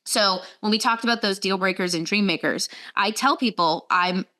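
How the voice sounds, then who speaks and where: A middle-aged woman giving an energetic talk as a guest speaker, acting out quoted conversations. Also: mid-range voice, normal speed. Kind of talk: casual talk with stories.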